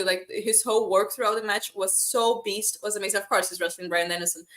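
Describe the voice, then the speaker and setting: A woman's voice: medium pitch, bright, forceful tone. Enthusiastic woman podcast co-host. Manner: enthusiastic, lots of "like", swears casually. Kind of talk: casual wrestling podcast chat.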